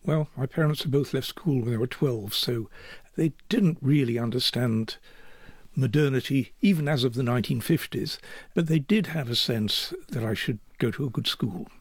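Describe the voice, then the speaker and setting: A man from Yorkshire, England, now in his seventies, answers a reflective conversational interview in a medium-pitched voice with a breathy edge and no echo. He speaks in a thoughtful, measured way and occasionally starts a sentence over.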